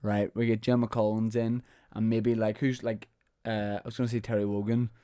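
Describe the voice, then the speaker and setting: A man's voice: on the low side, flat delivery, a little fast, warm tone, clear, resonant tone, dry recording, studio quality. Northern Irish man telling rambling stories. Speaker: podcast host. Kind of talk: casual chat.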